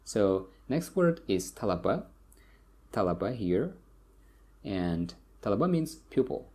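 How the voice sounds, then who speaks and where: A man from Tajikistan with a Tajik accent, explaining word stress to learners and repeating each example word slowly. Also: fairly low pitch, big pitch swings, darkish tone. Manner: slow, repeats words for learners. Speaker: language teacher. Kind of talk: explaining pronunciation lesson.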